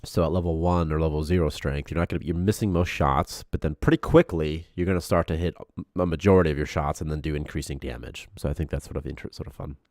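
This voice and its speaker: A man's voice: very deep voice, steady tone, fast talker, hardly any pauses, a little mellow, no room sound, clean studio sound. A man on a game development stream, talking casually and rambling with lots of "like" and laughter. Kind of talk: casual live-stream chat.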